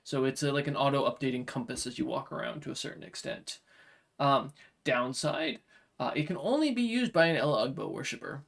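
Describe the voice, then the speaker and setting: A man's voice: medium pitch, lively intonation, brisk, creaky, fairly bright tone. A man narrating a tabletop game as game master, talking casually with many fillers.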